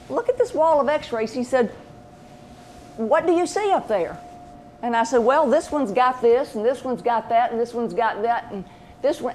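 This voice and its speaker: A woman tells a long personal story with plenty of animation, acting out every voice she quotes. Her voice sits at an ordinary middle pitch. A faint hiss of noise runs under the recording. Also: a little mellow. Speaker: pet medium, show host. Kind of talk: casual storytelling.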